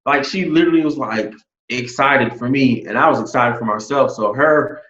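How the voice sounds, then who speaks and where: A man who was just hired as a teacher, telling a lively story in a casual interview and acting out what other people said. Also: mid-range voice, normal speed. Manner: animated, quotes others in lively re-enactments. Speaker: new teacher hire. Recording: dull lo-fi sound.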